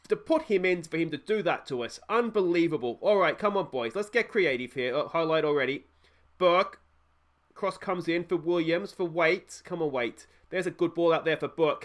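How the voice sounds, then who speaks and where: A man with an Australian accent commentating on his own football management game, swinging from calm musing to loud, swearing outbursts. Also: a little high. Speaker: gaming YouTuber.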